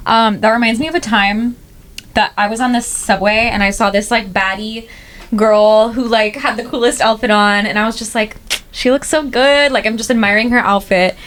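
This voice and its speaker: A woman's voice: medium pitch, fairly even intonation, normal speed, fairly bright tone. A young woman co-hosting a podcast, chatting casually and upbeat, laughing between sentences. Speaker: podcast co-host. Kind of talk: casual chat.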